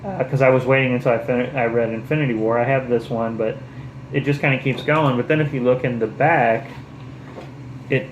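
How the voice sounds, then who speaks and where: A man's voice: mid-range voice, fairly even intonation, fairly quick, echoey room, dull audio, a little hiss or hum. A man chatting casually about books he picked up, enthusiastic and rambling, with lots of fillers. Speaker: book vlogger. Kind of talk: casual show-and-tell chat.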